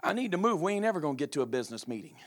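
Male preacher, high lively voice, bright edge, fiery shouted delivery. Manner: fiery, drawn-out shouted phrases with filler uhs. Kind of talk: sermon.

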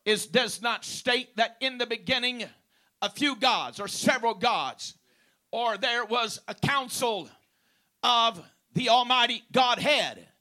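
A man's voice: very high-pitched, slow pace, sharp tone. A man preaching a sermon, stressing key words by drawing them out and punctuating his points with praise and amens.

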